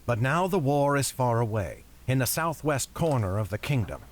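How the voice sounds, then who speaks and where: A man plays a wary male wizard in a read-aloud fantasy novel. He speaks calmly and deliberately, choosing each word with care. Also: mid-range voice, slight background noise, close to an everyday voice.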